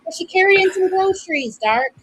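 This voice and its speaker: A woman's voice: extremely high pitch, animated, normal speed, poor audio. A woman streaming and chatting casually as she reacts to clips, musing aloud with small laughs. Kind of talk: casual commentary.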